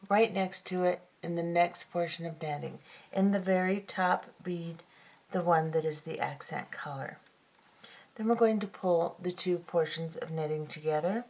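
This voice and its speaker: A woman hosting a beading tutorial, giving patient, methodical step-by-step instructions and repeating each step. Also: fairly low pitch.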